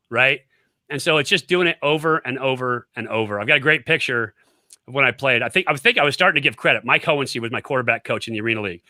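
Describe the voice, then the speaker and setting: Bright, emphatic middle-aged man. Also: mid-range voice, no echo, studio quality. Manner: emphatic, repeats points, storytelling. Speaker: guest, former quarterback and coach. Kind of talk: casual interview, coaching talk.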